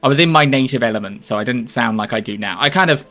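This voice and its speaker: A man's voice: medium pitch, fast, sharp tone. A man with a posh theatre-trained English accent chatting casually on a stream, rambling and laughing at his own jokes. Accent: posh southern English, trained by theatre. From England. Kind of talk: casual chat.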